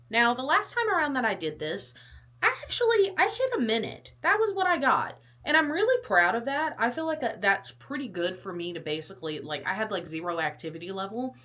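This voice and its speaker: A woman's voice: lowish voice, bright, forceful tone. A young woman vlogging casually about her fitness test, chatty and rambling, coughing and out of breath. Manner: chatty, rambling, self-deprecating.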